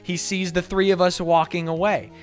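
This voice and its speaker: A man's voice: high-pitched, moderate pace, soft background music. A young man, a streamer, telling a story in a casual, emphatic and defensive way. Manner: animated, emphatic, defensive retelling.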